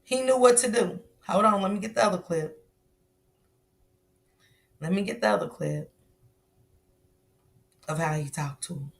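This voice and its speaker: A woman's voice: mid-range voice, measured pace, creaky, long pauses. A woman hosting a stream, giving blunt, slangy commentary on a clip. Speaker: stream host. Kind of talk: casual commentary on a news clip.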